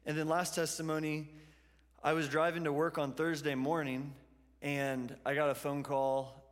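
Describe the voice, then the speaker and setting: A man's voice: a little high, flat delivery, moderate pace. A man preaching a sermon to a church congregation, telling stories in a conversational way. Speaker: pastor. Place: church hall. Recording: long hall reverb.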